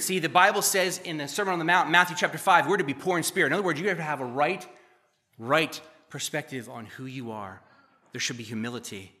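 A middle-aged man preaching a sermon as pastor, conversational and joking, asking the church questions and swinging between loud emphasis and quiet asides. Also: fairly high pitch. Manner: conversational, asks the congregation questions.

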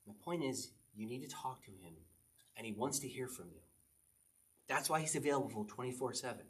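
A middle-aged man delivers a relaxed, conversational sermon as a pastor. His voice sits at an ordinary male pitch, and he talks to the congregation like he's chatting with friends, tossing in quick "okay?" checks as he goes. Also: a little hiss or hum. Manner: conversational, chatty preaching with frequent "okay?" asides.

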